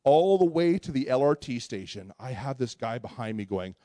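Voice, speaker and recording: A man preaching a sermon, telling a personal story in an animated way with many restarts before turning to scripture. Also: medium pitch, normal speed, no echo, studio quality. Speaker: pastor.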